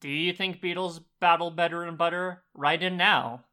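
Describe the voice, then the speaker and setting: Man, podcast co-host, casual chat, wry jokes, high bright voice. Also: steady tone, moderate pace, smooth. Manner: wry, joking asides.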